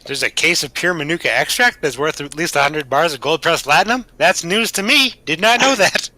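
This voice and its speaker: A man's voice: a little high, lively intonation, fairly quick, pushed and bright, dry recording, rough recording. A man playing a tabletop game, joking and laid-back. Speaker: player. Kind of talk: casual tabletop game play.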